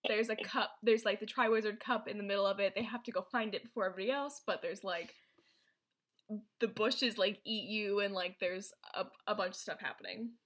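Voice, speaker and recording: In casual chat, a woman co-host runs through a movie's plot, rambling and leaning heavily on "like" and other fillers. Her medium-pitched, fairly bright voice moves fairly quickly with fairly even intonation.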